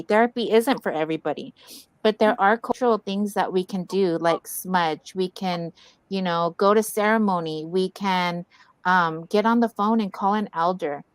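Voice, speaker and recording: Woman co-host, earnest and encouraging; smooth, clear voice, dry close sound. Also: medium pitch, dry recording. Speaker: wellness event co-host. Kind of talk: heartfelt community talk.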